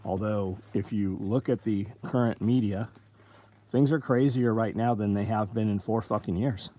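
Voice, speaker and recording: A man's voice: on the low side, steady tone, normal speed, dark tone. A man hosting a casual livestream, talking bluntly with lots of swearing, reading viewer names and plugging gear. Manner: blunt, profane, rambling. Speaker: livestream host.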